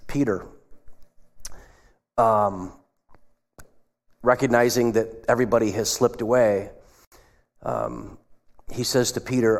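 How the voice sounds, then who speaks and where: A man's voice: on the low side, expressive, slow pace, creaky, pauses often. Man preaching in a reverberant hall. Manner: acts out quoted voices, drops to a hush for asides. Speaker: pastor. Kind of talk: sermon.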